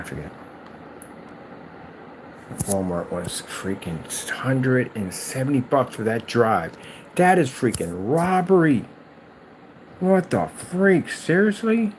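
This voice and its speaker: A man hosting a gaming video, ranting in exasperated, animated commentary and mocking imagined replies. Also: fairly high pitch, a little hiss or hum. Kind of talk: ranting commentary over clips.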